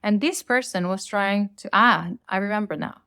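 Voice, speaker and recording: A woman's voice: medium pitch, normal speed, pushed and bright, clear, resonant tone, no echo. Blunt Latina woman ranting, dry sound. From Latin America. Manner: blunt, opinionated ranting with casual swearing. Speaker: podcast host. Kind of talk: solo rant podcast.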